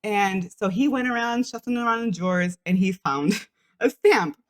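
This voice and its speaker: A woman co-hosting a craft podcast, telling a story in a chatty way with quick asides and frequent laughter. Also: mid-range voice. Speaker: podcast co-host. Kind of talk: casual chat.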